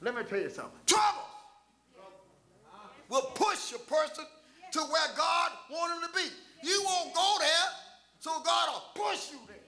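An older man preaching a sermon as pastor, shouting and half-singing his phrases. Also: very high voice, lively intonation, unhurried, pauses often. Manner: chanting, shouting preacher cadence with sung phrases.

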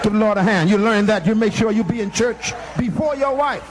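A man's voice: sits high, brisk, few pauses, crowd noise, noisy background. A man preaching a fiery sermon, emphatic and firing off rhetorical questions at the congregation. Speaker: pastor.

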